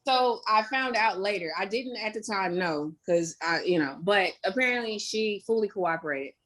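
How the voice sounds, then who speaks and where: A young woman from Indiana, a guest in an interview, telling her story candidly with plenty of swearing, fillers and quick asides. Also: medium pitch, lively intonation, a bit bright.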